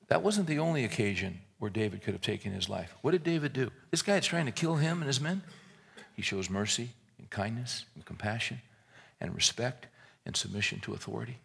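A man's voice: mid-range voice, animated, brisk, vocal fry, husky. A man preaching a sermon, retelling a scripture story in a folksy, joking way and often repeating words as he restarts a thought.

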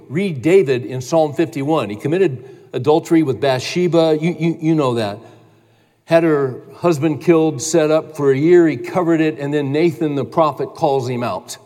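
A man's voice: a little high, a little mellow. A man preaching a sermon as a pastor, earnest and emphatic, building in intensity as he urges his listeners. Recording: long hall reverb.

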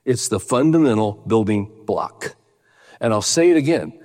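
A man's voice: fairly low pitch, animated, normal speed, a little mellow, in a large hall, faint music behind. An older man preaching a sermon, telling stories with emphasis and acting out quoted voices. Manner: storytelling, emphatic, acts out quotes in a raised voice. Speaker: pastor.

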